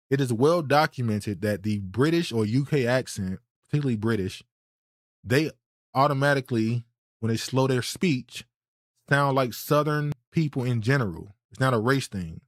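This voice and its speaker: A man's voice: mid-range voice, no echo, clean studio sound. A man hosting a podcast, reacting bluntly and indignantly to clips and often repeating words as he restarts. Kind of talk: reaction commentary.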